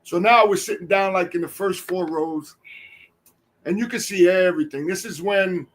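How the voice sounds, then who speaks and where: Brief: high-pitched male podcast host, animated storyteller, swears freely, does voices for the people in his tale. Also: normal speed. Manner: animated, profane, acts out quotes. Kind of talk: casual storytelling.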